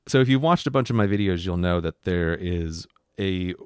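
A man's voice: low-pitched, expressive, normal speed, a little mellow, smooth, no echo, clean studio sound. A man co-hosting a podcast, chatting casually and reflectively, with lots of "like" fillers. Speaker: podcast co-host. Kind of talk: casual chat.

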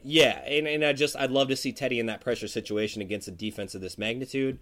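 A man's voice: medium pitch, fast talker, fairly bright tone. A man co-hosting a sports podcast, talking casually and rambling with lots of fillers and restarts. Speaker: podcast co-host.

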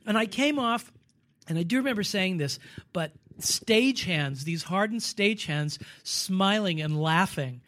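Older man, guest actor, animated raconteur, voice sits a bit high. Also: a little slow. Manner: animated, acts out quoted voices. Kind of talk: casual interview storytelling.

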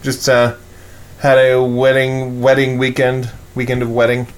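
Male podcast host, mid pitch, rambling jokey casual chat. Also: completely flat delivery, unhurried, smooth. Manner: rambling, joking, frequent filler.

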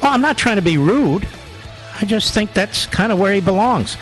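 A man's voice: sits high, expressive, moderate pace, fairly bright tone, dry recording, faint music behind. A man hosting a talk radio show, sarcastic and mocking as he rips into clips of his opponents. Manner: sarcastic, mocking, mimics others. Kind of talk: combative political commentary.

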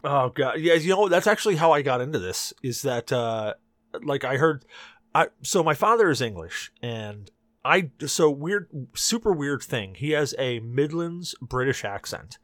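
A man chatting casually as a podcast co-host, animated and rambling, often repeating himself. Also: medium pitch, a little slow, no echo. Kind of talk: casual chat.

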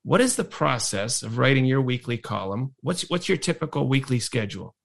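A man's voice: medium pitch, sing-song, brisk, gravelly. A man hosting an interview podcast, asking friendly, curious questions. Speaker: podcast host. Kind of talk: casual interview.

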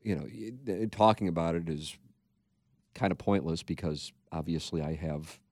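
A man's voice: low-pitched, moderate pace, a little mellow, dry recording, studio quality. A man co-hosting a podcast, talking in a rambling, candid way and swearing freely. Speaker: podcast co-host. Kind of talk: casual podcast chat.

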